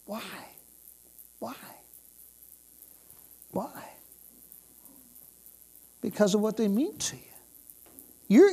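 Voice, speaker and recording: Woman preacher, slow and drawn out, voice swooping all over, breaks into loud praise. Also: on the high side, very animated, vocal fry, breathy edge. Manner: exuberant, bursts into exclamations of praise; dwells on repeated phrases. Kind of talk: sermon.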